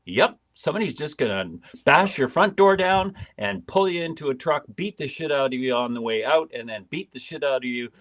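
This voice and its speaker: A man hosting a live stream, reading through a document and twisting it sarcastically, halting often with fillers. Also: a little high, lively intonation, fairly bright tone, muffled recording. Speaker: host.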